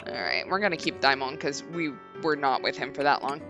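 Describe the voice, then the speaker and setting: A chatty woman runs a casual game stream and reads each line of the game's text aloud as she goes. Her voice is bright and ringing, and her pitch swoops widely. Faint game music plays under her. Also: lively intonation, brisk. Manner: chatty, giggly, reads on-screen text in a storytelling tone. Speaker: let's play host.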